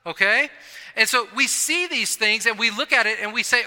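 High bright-voiced guy preaching, chatty and jokey, church reverb trailing off. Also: normal speed. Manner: conversational, humorous, repeats and restarts. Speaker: pastor. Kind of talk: sermon with personal story. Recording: long reverb of a large hall.

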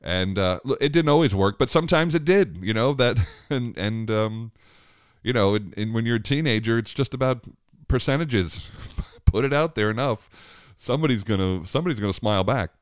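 A man's voice: medium pitch, lively intonation, normal speed, clear, resonant tone, no room sound, clean studio sound. A man in his thirties, a father, telling a family story in a casual, rambling way, chuckling often and restarting his sentences.

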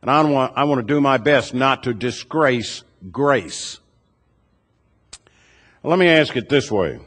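A man preaches to his congregation at a middle pitch, laying out his points in a measured way and stacking up rhetorical questions one after another. His voice rings out with the long reverb of a church hall. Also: expressive, fairly bright tone. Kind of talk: sermon. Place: church sanctuary.

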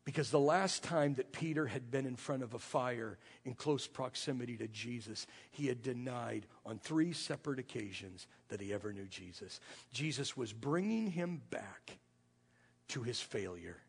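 A man's voice: medium pitch, lively intonation, moderate pace, creaky, breathy edge. A male pastor preaching a sermon, retelling a story with dramatic, acted-out quotes. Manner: dramatic storytelling, acting out the lines of the people in the story. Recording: long reverb of a large hall.

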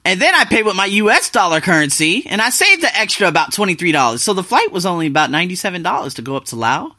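A young man vlogs to his audience with a bright, clear voice that rides a lively, swooping melody. He sounds close and dry, with no room echo. His chatty delivery jumps from loud bursts to low asides. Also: fast. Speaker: vlogger living abroad. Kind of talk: casual talk to camera.

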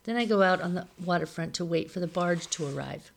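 A woman reading a novel aloud in a steady, measured storytelling manner. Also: on the low side, vocal fry, a little hiss or hum. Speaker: reader of a novel.

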